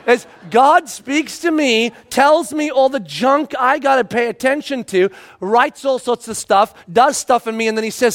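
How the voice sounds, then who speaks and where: High-voiced male pastor telling a story. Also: a little slow, hardly any pauses. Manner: expressive, swings between loud emphasis and hushed tones. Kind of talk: storytelling sermon.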